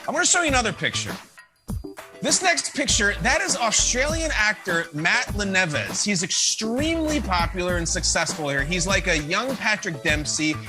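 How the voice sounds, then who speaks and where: A man hosting from a quarantine hotel room, telling a story in an excitable, playful way. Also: high-pitched, moderate pace, music in the background. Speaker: show host. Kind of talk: animated storytelling.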